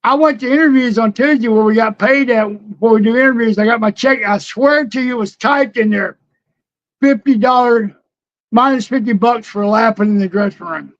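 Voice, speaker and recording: An older man with a high, animated voice tells wrestling stories, laughing often and shouting out quoted lines. The sound is dry and a little dull, like a remote call. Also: moderate pace, dry recording. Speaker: retired pro wrestler, guest. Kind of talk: storytelling interview.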